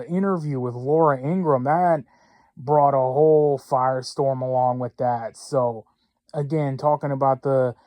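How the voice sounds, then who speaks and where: Through a close, dry sound with no echo, a man with a mid-range, slightly mellow voice hosts a political commentary show. He talks through the news casually and ramblingly, giving blunt opinions with many fillers and restarts.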